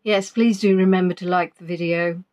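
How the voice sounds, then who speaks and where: A woman's voice: on the low side, steady tone, normal speed, a little mellow. A woman hosting a casual livestream from home, chatting in a rambling, self-deprecating way, still not fully recovered from an illness. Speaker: livestream host. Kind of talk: casual live-stream chat.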